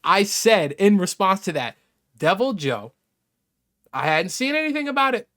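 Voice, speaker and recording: A man doing casual reaction commentary, exasperated and incredulous, swearing and swinging from muttering to loud outbursts. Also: sits high, big pitch swings, moderate pace. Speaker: gaming YouTuber reacting to a response video.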